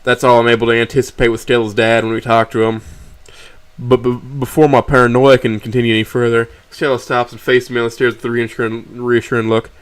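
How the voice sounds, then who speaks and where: A man's voice: mid-range voice, flat delivery, fast, smooth. Man reading a story aloud, stumbling often. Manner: stumbling, self-correcting reading.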